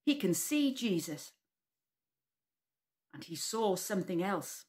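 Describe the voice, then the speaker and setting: Lively woman telling a children's story. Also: mid-range voice, takes it slowly. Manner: animated, leads children in call-and-response. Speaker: preschool worship leader. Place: church.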